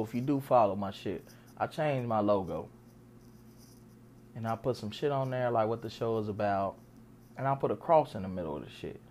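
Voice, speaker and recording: Lively low-voiced woman ranting bluntly. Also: slight background noise. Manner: blunt, heated, repetitive. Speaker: podcast host. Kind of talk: profane comedic rant.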